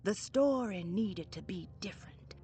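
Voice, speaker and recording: A woman giving measured, storybook narration in a game. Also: medium pitch, expressive, mellow, natural voice.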